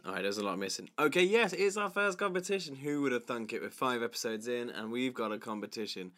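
A man's voice: medium pitch, lively intonation, fast, fairly bright tone. A man co-hosting a casual film podcast, teasing his co-host with dry banter.

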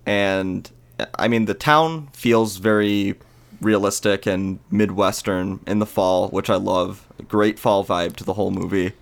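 A man's voice: on the low side, fairly even intonation, measured pace, gravelly. A man co-hosting a podcast, chatting in an easygoing way, hedging with "I mean" and "like". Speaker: podcast co-host. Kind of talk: casual chat.

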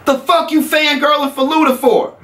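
A man putting on the voice of a jealous teenage boy who shouts profanities at his girlfriend. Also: extremely high pitch, steady tone, normal speed, distant mic, pitched above the performer's own voice. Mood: furious. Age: teens.

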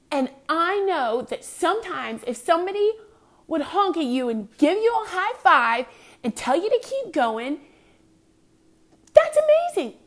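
A woman talking casually in a chatty monologue, full of fillers and swinging between soft asides and loud, animated bursts. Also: very high voice.

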